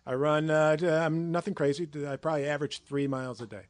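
Man, podcast guest, fast talker, repeats words, casual, dry sound. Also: a little high, steady tone, no echo. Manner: rambling, repeats words, laughs easily. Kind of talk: casual chat.

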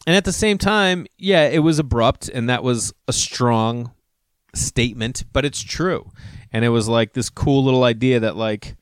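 A man's voice: mid-range voice, normal speed, clear, resonant tone, dry recording, studio quality. A middle-aged man hosting a podcast, telling rambling personal stories full of fillers and restarts. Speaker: podcast host. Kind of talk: casual chat with read ad.

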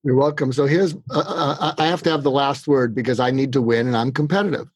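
An older man, a podcast guest, gives animated advice and acts out the family conversations he describes. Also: mid-range voice, a little fast, breathy edge, dry recording. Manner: lively, acts out quoted family dialogue.

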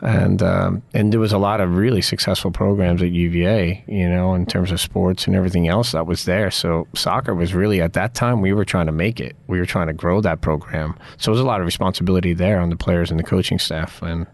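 Interviewed about his past, a middle-aged man who played college soccer reflects earnestly and at length, relying often on "you know." His low, steady voice is creaky, in a dry recording.

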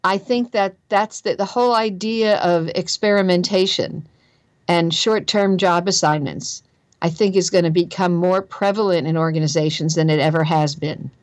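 A woman's voice: lowish voice, fairly even intonation, moderate pace, no echo. Earnest woman with a Jersey accent. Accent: New Jersey. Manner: earnest, emphatic, repeats phrases for stress. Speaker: guest author on careers. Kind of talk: conversational interview.

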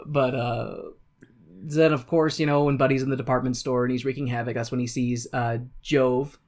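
A woman's voice: a bass voice, steady tone, moderate pace, darkish tone. A woman co-hosting a casual podcast chat, talking in a chatty way, laughing often and swearing now and then. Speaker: podcast co-host. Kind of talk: casual chat reviewing a musical.

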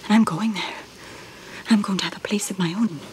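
An actress playing a spirited young Irish woman set on owning her own land, speaking in a breathy, half-whispered way in film dialogue. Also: mid-range voice, a little fast, slight background noise, close to an everyday voice, poor audio. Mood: defiant.

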